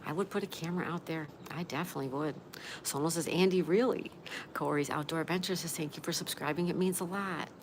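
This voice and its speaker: A woman's voice: deep voice, fast talker, noisy background. A woman from Florida hosting a livestream, chatting and reading viewer messages aloud. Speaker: livestream host. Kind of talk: reading live chat aloud. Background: rain ambience.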